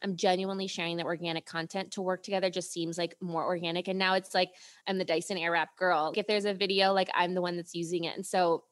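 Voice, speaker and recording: A woman's voice: on the low side, flat delivery, fast. A woman in her thirties talking as an interview guest, gushing and casual, leaning on "like" and getting emotional. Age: 30s. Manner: gushing, heavy use of "like", gets emotional. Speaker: guest, beauty influencer and brand founder.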